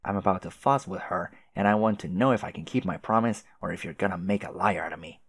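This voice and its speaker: A man's voice: low-pitched, fast talker, vocal fry, fairly bright tone, breathy edge, full character voice. A man voicing a haughty, sarcastic teenage girl troll who schemes and taunts. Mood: scheming. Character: snooty haughty female teen troll schemer.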